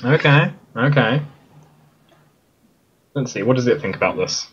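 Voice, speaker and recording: A man's voice: medium pitch, lively intonation, unhurried, a bit bright, dull audio. A man running a tabletop game as game master, explaining rules and often stumbling and restarting his sentences. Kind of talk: narrating a tabletop game online.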